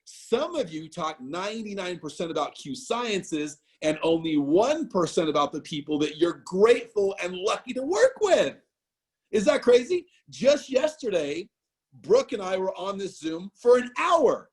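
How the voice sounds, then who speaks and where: A man from Idaho, a business owner giving an animated motivational training talk on a video call, telling stories straight to his team. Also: sits high, measured pace, breathy edge. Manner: storytelling, animated, talks straight to the audience.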